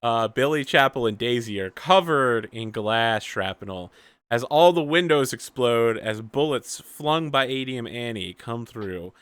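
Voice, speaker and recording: A man narrating a tabletop game as game master, relaxed and explaining rules with fillers. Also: mid-range voice, a little slow, clear, resonant tone, dry recording.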